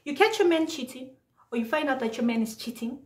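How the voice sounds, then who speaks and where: A young woman from Zimbabwe tells a story from her life in a casual vlog, acting out both sides of a phone argument in lively voices. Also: high voice, brisk, roomy sound. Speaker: vlogger.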